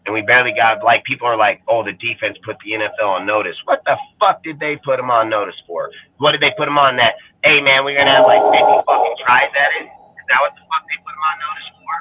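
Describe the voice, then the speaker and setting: A man's voice: mid-range voice, fast talker, heavy background noise. A man ranting heatedly about his football team in profane fan commentary. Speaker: fan show panelist. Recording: phone-like call audio, dry.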